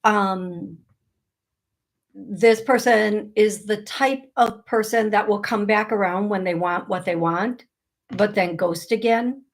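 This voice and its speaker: A middle-aged woman hosting a live call-in show as a psychic medium, talking in a chatty, blunt way and laughing at her own asides. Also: medium pitch.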